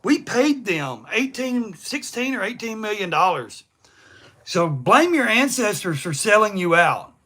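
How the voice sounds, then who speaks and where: A man's voice: high-pitched, very animated, unhurried, pushed and bright. A man, ranting bluntly and profanely on a livestream. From East Tennessee, USA. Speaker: livestream host. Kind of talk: unscripted livestream rant.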